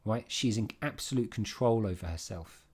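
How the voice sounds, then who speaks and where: A man giving an informal, emphatic revision lesson on a play, with quick asides and restarts. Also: fairly low pitch, darkish tone. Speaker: English literature teacher.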